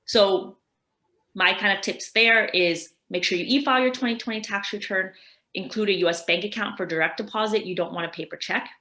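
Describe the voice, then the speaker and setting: A woman's voice: mid-range voice, fairly quick, sharp tone, echoey room. A woman tax advisor giving a casual workshop presentation, explaining in a chatty, rambling way.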